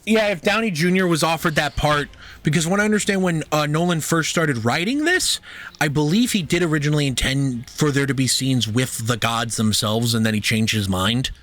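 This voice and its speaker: A man's voice: on the high side, moderate pace, fairly bright tone. A man co-hosting a podcast, sharing fun facts in casual film talk, swearing freely and laughing. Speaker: podcast co-host.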